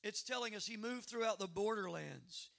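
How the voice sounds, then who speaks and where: High, gravelly, bright-voiced male preacher. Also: animated, moderate pace. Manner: emphatic preaching with repetitions, rising to loud exclamations. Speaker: pastor. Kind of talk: sermon.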